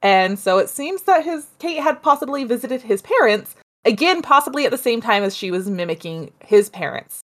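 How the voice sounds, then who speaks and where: A woman's voice: a little high, moderate pace, hardly any pauses. Chatty woman telling a spooky story. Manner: chatty, animated, with asides and laughs. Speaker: podcast co-host telling a story. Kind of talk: casual storytelling chat.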